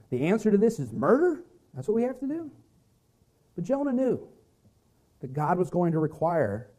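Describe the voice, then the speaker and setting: A male pastor preaching a sermon, swinging from loud emphasis to hushed, quiet lines. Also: a little high.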